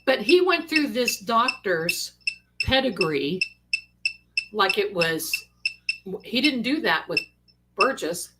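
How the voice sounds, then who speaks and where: A woman hosting a casual livestream, chatting excitedly as she eats and comments. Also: mid-range voice, slow pace, long pauses, very noisy. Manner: excited, chatty, talks with mouth full. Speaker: livestream host. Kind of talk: casual live commentary while eating. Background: dish and cutlery clatter.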